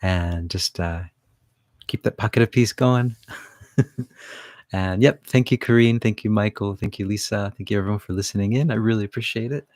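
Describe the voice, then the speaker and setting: A man leading a guided visualization meditation in a soft, gentle, unhurried way, repeating soothing phrases. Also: on the low side, no echo. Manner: warm, casual sign-off to live listeners.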